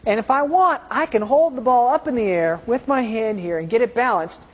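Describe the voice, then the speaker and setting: A woman science teacher gives a hands-on classroom demonstration. She explains each step and often checks in with a quick "okay?". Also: a little high. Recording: long reverb of a large room.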